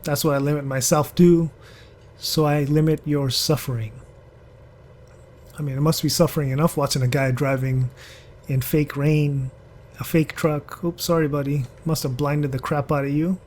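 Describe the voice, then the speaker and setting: A man's voice: a little high, fairly even intonation, normal speed, darkish tone, a little hiss or hum. A man giving rambling, chatty commentary over a driving game, talking to other drivers as he goes. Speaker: gaming channel host. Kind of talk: casual gameplay commentary.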